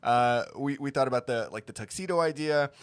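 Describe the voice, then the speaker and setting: A man in his thirties co-hosting a podcast, chatty and quick to laugh. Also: medium pitch, clear, resonant tone. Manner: laughs a lot, chatty, animated. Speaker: podcast co-host. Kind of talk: casual podcast banter.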